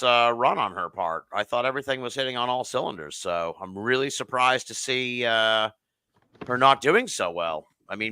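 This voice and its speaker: A man's voice: mid-range voice, bright, forceful tone, clear, resonant tone, no room sound. A man hosting a live podcast, chatting casually about election results, swearing freely and reading chat comments aloud. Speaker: podcast host.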